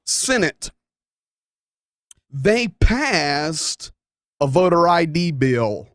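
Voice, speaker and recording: A man's voice: fairly high pitch, no room sound, studio quality. A man hosting a talk show, delivering a folksy, emphatic monologue with playful asides. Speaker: show host.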